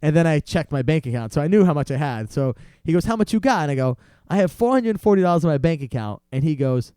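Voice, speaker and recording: A young man with a fairly high, smooth, mellow voice tells a story in casual podcast chat. He acts out other people's lines as he goes, and the sound is dry and close on a studio mic. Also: quick pace, dry recording. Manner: animated, acts out salesmen's voices in quotes. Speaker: podcast guest.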